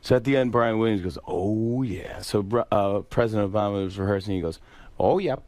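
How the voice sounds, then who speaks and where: A man's voice: lowish voice, fast talker, smooth, no room sound. A man, a guest on a radio show, telling a story and acting out the lines of the people in it. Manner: animated storyteller who acts out the dialogue. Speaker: talk show host guest. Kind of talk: telling an anecdote on a radio interview.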